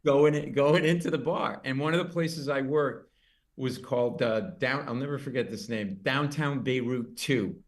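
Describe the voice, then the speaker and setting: A middle-aged man spinning a comic anecdote in a conversation. He tells it briskly and jumps into loud, high-pitched voices whenever he quotes someone. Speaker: comedian guest. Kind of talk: storytelling in an interview.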